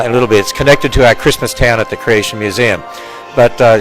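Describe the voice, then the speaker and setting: Australian man in his 60s, casual tour host, joking with visitors, even mid pitch, light music under. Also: low-quality recording. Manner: chatty, jokey, laughs often. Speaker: ministry president giving a tour. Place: walking through a building and outdoors.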